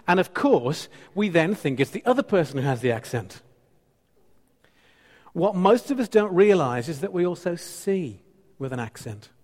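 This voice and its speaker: In a large hall, a pastor in his fifties preaches a sermon in a voice that sits high. He is playful and teasing with the congregation and repeats phrases for emphasis.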